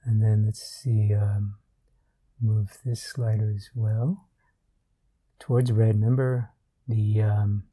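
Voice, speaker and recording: A man giving a relaxed art tutorial while he works, thinking aloud with fillers and repeated words. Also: fairly low pitch, slow, long pauses, husky. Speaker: art instructor.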